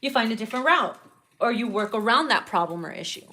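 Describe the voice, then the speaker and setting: A woman giving a casual tarot reading, blunt and profane, laughing loudly at her own jokes. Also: on the high side, quick pace. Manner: blunt, profane and animated, breaks into loud laughter. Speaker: tarot reader.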